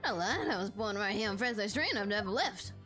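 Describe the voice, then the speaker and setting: A woman voicing a rough-talking male street peddler from London, gruff and folksy, who ends his lines with "eh" and "lad", over game music. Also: mid-range voice, animated, fast, fairly bright tone, natural voice. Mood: defensive.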